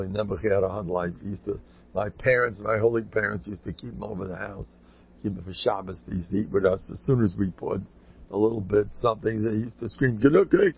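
Gravelly older man giving a rambling Torah talk. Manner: rambling, repetitive, bursts into loud high exhortation. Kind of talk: informal Torah talk with stories. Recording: dull lo-fi recording.

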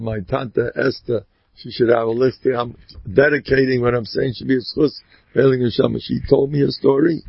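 Guy with a gravelly husky voice telling stories, drops in yiddish words, jumps into funny voices, dull lo-fi sound. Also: no room sound. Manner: animated, acts out voices with big pitch jumps; mixes in Yiddish and Hebrew words. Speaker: storyteller giving a religious talk. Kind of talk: folksy storytelling talk.

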